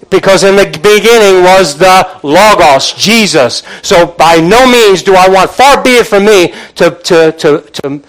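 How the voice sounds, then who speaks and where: Older man, pastor, sermon, fervent, call-and-response, fairly high voice. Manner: builds from quiet musing to impassioned preaching; calls out "Amen?" and "come on" to the congregation.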